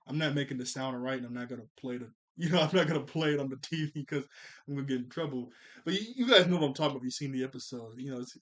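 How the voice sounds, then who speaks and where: A man with a slightly higher-than-average voice recaps a cartoon episode in a loose, chatty way. He laughs often as he walks through the scenes. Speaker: cartoon reviewer.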